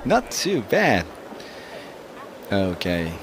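A man playing a mobile tennis game and commenting live, excitable and self-critical, with frequent exclamations. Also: lowish voice, drawn-out words. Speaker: mobile game let's-play host. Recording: loud background noise.

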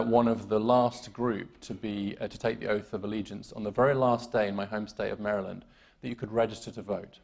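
A man's voice: on the low side, creaky. A man with a British accent, originally from the UK, giving a conference keynote with wry, self-deprecating humor, lots of "um" and restarts. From United Kingdom. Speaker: keynote speaker. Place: conference hall.

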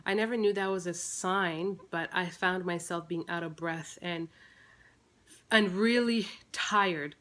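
A woman's voice: fairly low pitch, unhurried, fairly bright tone. A woman in her thirties giving a chatty vlog update, rambling with restarts and fillers, a little out of breath. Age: 30s. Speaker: family vlogger. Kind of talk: casual personal vlog update.

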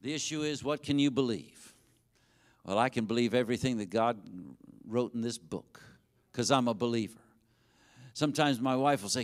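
A man's voice: medium pitch, normal speed, pauses often. A man pastor preaching a sermon and leading a prayer, with rising intensity and fervent repetition. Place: church sanctuary.

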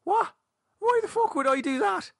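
A man voicing an excitable, foul-mouthed young man with a husky voice who swears constantly and bristles with indignation. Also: mid-range voice, moderate pace, no room sound, clean studio sound, exaggerated voice. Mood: indignant.

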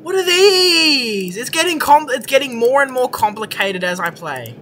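A young adult gamer giving casual, excitable commentary over a horror game, swearing often and reacting loudly to surprises. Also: high voice, normal speed, slight background noise.

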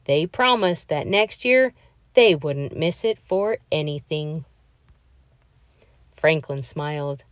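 A woman reading a children's picture book aloud, in a slow, expressive storytelling voice. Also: low voice, no echo, clean studio sound.

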